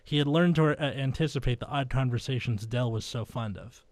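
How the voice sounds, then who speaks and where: A young man hosting a comedy podcast, reading fan fiction aloud in a deadpan voice, with flustered asides and laughter. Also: mid-range voice, brisk, no echo. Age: young adult.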